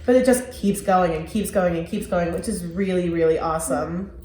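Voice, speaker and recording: A woman's voice: fairly low pitch, moderate pace, a little mellow, a little hiss or hum. A woman co-hosting a casual horror podcast, talking enthusiastically with fillers about a film's costumes. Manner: enthusiastic, many fillers and restarts. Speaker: podcast co-host. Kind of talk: casual movie review chat. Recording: roomy echo.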